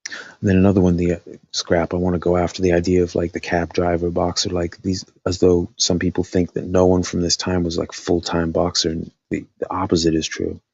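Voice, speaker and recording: A man's voice: deep voice, monotone, a little fast, gravelly, darkish tone, slightly rough, dry recording, highs cut off. A man hosting a casual live stream, thinking aloud with lots of fillers, his voice dry after talking all night.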